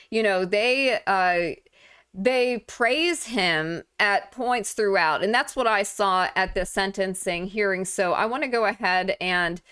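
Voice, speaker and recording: A woman giving casual, indignant commentary over video clips, speaking emphatically with frequent filler pauses. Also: mid-range voice, a bit bright, clean tone.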